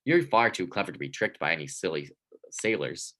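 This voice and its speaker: A man reading aloud does a clever young Viking, calm and persuasive, in a storybook reading. The voice stays low and deep. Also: brisk.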